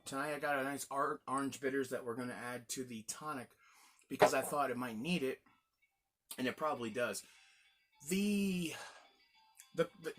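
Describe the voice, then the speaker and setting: A man's voice: medium pitch, fairly bright tone. A man hosting a casual gin tasting review, chatty and rambling, exclaiming as he tastes.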